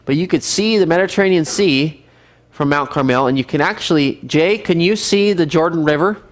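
A man teaching a casual Bible survey class as pastor, lively and animated, acting out scenes now and then. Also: moderate pace. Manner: lively, animated, acts out scenes with sudden high shouts and laughs. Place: church fellowship room.

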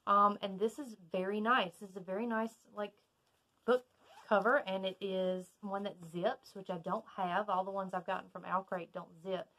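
Excitable Southern woman unboxing books. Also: mid-range voice, normal speed. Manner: chatty, excitable, gushing. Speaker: book YouTuber. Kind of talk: casual unboxing vlog. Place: bedroom at home.

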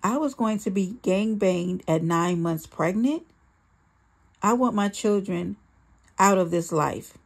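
Brief: a woman of medium pitch with a gravelly voice, reading a memoir steadily in the first person. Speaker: memoir reader.

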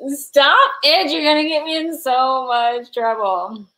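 Giggly slow-talking woman livestream host. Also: high-pitched, a bit bright, rough recording. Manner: giggly, laughing constantly. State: slap-happy, tired. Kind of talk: casual livestream chat.

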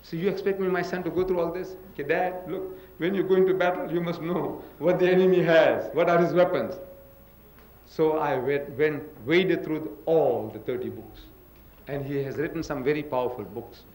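High-voiced emphatic man lecturing. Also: normal speed, darkish tone. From India, raised in South Africa. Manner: emphatic, spells words out letter by letter. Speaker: lecturer in a public religious debate. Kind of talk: public lecture. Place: lecture hall. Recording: roomy hall echo.

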